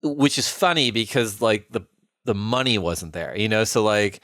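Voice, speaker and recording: Low-voiced man rambling through a story. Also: normal speed, a bit bright, no echo, clean studio sound. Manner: rambling, filler-heavy, frequent "like". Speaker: podcast co-host. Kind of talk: casual storytelling chat.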